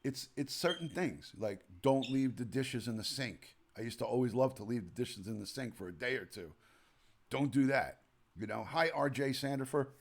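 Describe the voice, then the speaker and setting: A gravelly, medium-pitched man in his forties speaks at a moderate pace with lively intonation and a New York accent. He's a retired detective hosting a rambling late-night live stream from home, casually chatting and greeting viewers by name.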